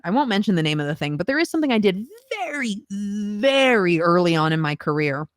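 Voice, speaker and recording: A woman's voice: on the low side, no echo, studio quality. A woman voice actor as a podcast guest, talking in a reflective, earnest way with frequent ums. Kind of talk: casual podcast conversation.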